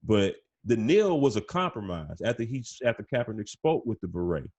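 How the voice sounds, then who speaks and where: A man's voice: lowish voice, big pitch swings, brisk, darkish tone, slightly rough, no room sound, muffled recording. A man co-hosting a sports podcast in casual chat, stumbling and repeating words, often saying "you know what I'm saying". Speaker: podcast co-host.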